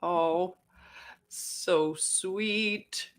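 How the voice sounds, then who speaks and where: Slow, chatty American woman livestreaming. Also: on the low side. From United States. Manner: greets viewers by name, chatty and affectionate; unhurried, restarts and self-corrections. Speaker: livestream host. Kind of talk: casual livestream commentary.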